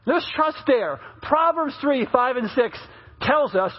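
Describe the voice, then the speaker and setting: Male pastor, very high husky voice, rambling storyteller in the pulpit, muffled recording. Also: animated, moderate pace. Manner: chatty storytelling with many restarts, rising and louder at the punchlines. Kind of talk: sermon with storytelling.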